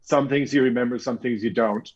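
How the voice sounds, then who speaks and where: Middle-aged interview guest from Canada, husky, spins anecdotes with acted-out quotes. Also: male voice, medium pitch, a little fast, muffled recording. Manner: animated anecdotes with quoted voices. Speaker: guest author. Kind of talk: storytelling interview talk.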